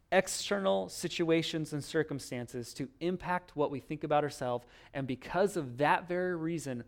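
A man preaching a sermon in a conversational, self-deprecating way, acting out little dialogues. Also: fairly high pitch. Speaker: pastor.

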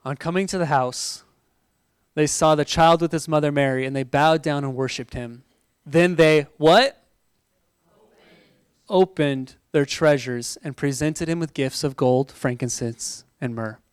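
Young man, youth-style preacher, animated and talky, bright high voice, dry close sound. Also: a little slow, clear, resonant tone, dry recording, low-quality recording. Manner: animated, chatty storytelling with frequent "like" and laughter. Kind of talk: sermon with personal storytelling.

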